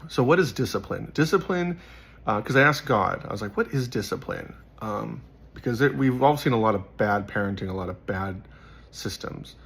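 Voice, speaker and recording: Young male host, husky lowish voice, chatty storyteller, animated quotes. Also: normal speed. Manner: storytelling, acts out quotes with rising pitch. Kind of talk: casual faith talk.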